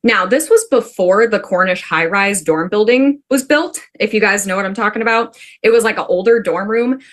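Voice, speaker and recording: A woman from the Pacific Northwest telling a personal story to a class in an animated, chatty way, full of "like". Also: mid-range voice, normal speed. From Pacific Northwest, USA. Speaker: student storyteller.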